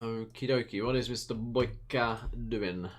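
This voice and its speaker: A man from near London with an Essex accent, giving lively play-by-play commentary on a strategy game match and reading out viewer chat. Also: medium pitch, measured pace. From England, near London. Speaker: esports caster.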